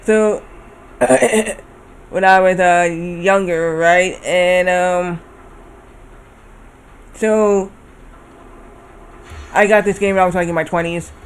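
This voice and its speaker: High-voiced man rambling on stream. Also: steady tone, slow pace, long pauses, smooth. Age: 30s. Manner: rambling, often corrects himself. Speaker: livestreamer. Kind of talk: casual chat while playing a game.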